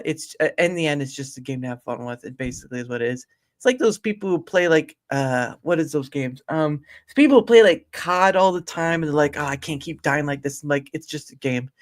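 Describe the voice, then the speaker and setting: A man talking casually as a guest on a gamebook stream. His voice sits a little high and swings all over as he rambles and breaks into laughs. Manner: animated, laughs often, rambling asides. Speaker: guest player.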